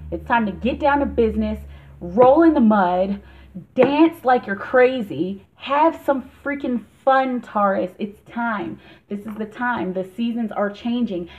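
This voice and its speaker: A woman's voice: medium pitch, darkish tone. Chatty woman on tinny lo-fi audio. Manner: chatty and emphatic, laughs often. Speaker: tarot reader. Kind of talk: casual tarot reading vlog. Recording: tinny phone-like sound.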